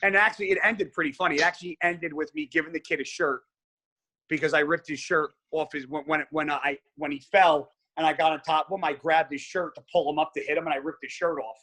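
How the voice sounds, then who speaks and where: A male podcast guest, a pro bodybuilder, telling a gym story in a casual, animated way and swearing freely. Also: on the high side, quick pace.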